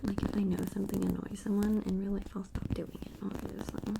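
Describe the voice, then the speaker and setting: Soft-spoken woman half-whispering. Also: medium pitch, flat delivery, brisk, vocal fry, heavy background noise. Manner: soft-spoken, drifting between murmur and whisper, rambling. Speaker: ASMR creator. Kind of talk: soft-spoken ASMR ramble. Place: apartment room. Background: faint tapping and scratching clicks.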